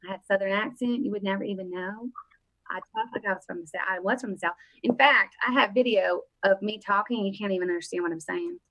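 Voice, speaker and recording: A woman's voice: mid-range voice, fast talker, fairly bright tone, poor audio. A woman hosting her own live political show, chatting casually and upbeat straight to her viewers from her desk. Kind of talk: casual live-stream chat.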